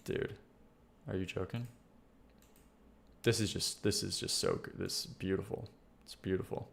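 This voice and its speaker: A man's voice: low voice, steady tone, normal speed, creaky. Slangy young-sounding streamer guy, rambling. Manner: rambling, slangy, swears freely. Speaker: livestream host reviewing music. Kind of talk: casual livestream commentary.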